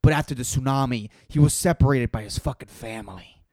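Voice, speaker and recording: A man's voice: medium pitch, brisk, darkish tone, dry recording, clean studio sound. A young man hosting a solo podcast, ranting in a profane, sarcastic, exasperated way. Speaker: podcast host. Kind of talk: solo comedic rant.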